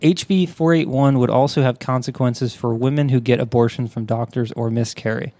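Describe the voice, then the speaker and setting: Male podcast co-host, warm mellow tone, dry close mic, reading a news piece. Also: medium pitch, no echo. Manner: steady, measured reading. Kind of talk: reading a news article aloud.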